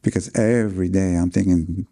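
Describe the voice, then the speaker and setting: A man tells his personal story to an interviewer. His voice sits low and sounds very dark and mellow, and it was recorded dry and close, with no room sound. He speaks earnestly and keeps restarting his phrases. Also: fairly even intonation, moderate pace, gravelly, no room sound. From New York City, USA. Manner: earnest, with many fillers and restarts. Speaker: interview guest.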